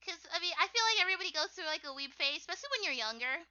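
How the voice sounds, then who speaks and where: Giggly young American woman, bright high voice. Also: expressive, racing. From United States. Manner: giggly, rambling, lots of fillers. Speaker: artist streamer. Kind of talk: casual chat while drawing. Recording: dull lo-fi stream audio.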